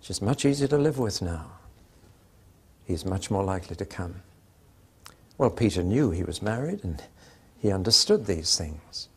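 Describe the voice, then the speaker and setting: A man's voice: deep voice, big pitch swings, normal speed, breathy edge. An older man preaching a sermon, telling anecdotes with dry humour and acting out the dialogue.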